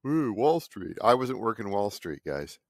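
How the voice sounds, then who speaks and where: Speaking from his home studio, a man in his fifties who vlogs about art rambles casually, cranky and sarcastic, poking fun at other people. His lowish voice is gravelly and sing-song, a little slow, with no room sound.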